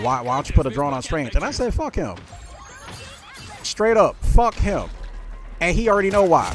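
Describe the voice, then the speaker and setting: A man hosting his gaming channel, ranting with indignation about teammates and mocking them in quoted voices. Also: high voice. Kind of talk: ranting gameplay commentary. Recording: music playing behind voice.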